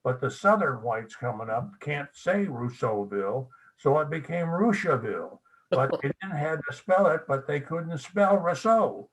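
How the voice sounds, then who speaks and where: A man's voice: on the high side, very animated, measured pace, low-quality recording. An older man giving an anecdotal local history talk at a club meeting, a folksy storyteller who spells words out letter by letter. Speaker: guest speaker.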